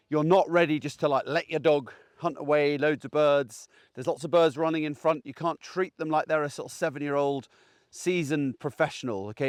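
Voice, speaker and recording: A man's voice: a little high, clear, resonant tone, no room sound, clean studio sound. A man, a gundog trainer, giving plain-spoken, chatty training advice outdoors in a field. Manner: chatty, plain-spoken, keeps checking in with "okay?".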